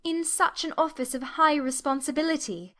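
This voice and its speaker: A woman's voice: sits high, moderate pace, a bit bright. A woman reading an audiobook, giving the lines of a shy, timid young woman in a hesitant, self-doubting way. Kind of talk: audiobook reading of a classic novel.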